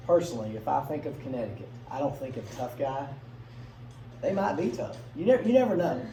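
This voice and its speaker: A man's voice: mid-range voice, very animated, dark tone. A man teaching a class in a casual, conversational way, asking his students questions and briefly acting out voices. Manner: conversational, asks the class questions, acts out quick bits in funny voices. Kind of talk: classroom lecture. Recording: echoey classroom from a distance, faint room noise.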